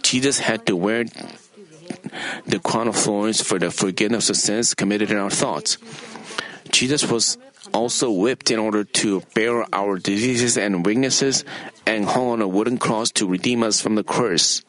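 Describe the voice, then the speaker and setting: Low-voiced man preaching an earnest sermon. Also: fairly bright tone, rough recording. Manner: earnest, measured preaching with scripture quotes.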